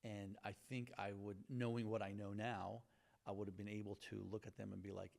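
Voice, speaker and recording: A man's voice: on the low side, fairly even intonation, fast, gravelly, a little mellow. A middle-aged man with a Southern US accent, telling stories in an earnest, grateful way during an interview, often restarting his sentences. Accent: Southern US (Virginia). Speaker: guest. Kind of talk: conversational interview storytelling.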